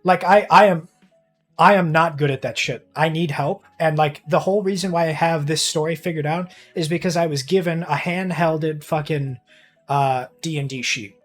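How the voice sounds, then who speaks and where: A man's voice: fairly high pitch, moderate pace, soft background music. Rambling, foul-mouthed young man streaming. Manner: rambling, profane and easily excited. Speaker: livestreamer. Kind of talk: casual live-stream chat while gaming.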